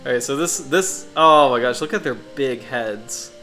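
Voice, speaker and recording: A man's voice: mid-range voice, a little slow, pushed and bright, soft background music, low-quality recording. A congested, sniffly man hosting a casual livestream, rambling enthusiastically with many fillers and restarts. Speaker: livestream host.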